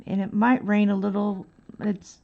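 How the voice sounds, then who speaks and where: A woman's voice: mid-range voice, little pitch movement, moderate pace, narrow, tinny audio. A woman chatting casually on an art live stream, rambling and thinking aloud as she colors. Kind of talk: casual chat while coloring.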